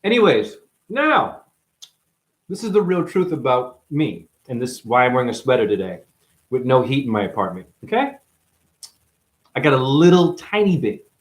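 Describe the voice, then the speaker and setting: A man from Boston rambling on a livestream, animated and swearing, jumping between topics and acting out the people in his stories. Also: medium pitch, normal speed, pauses often. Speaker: livestream host.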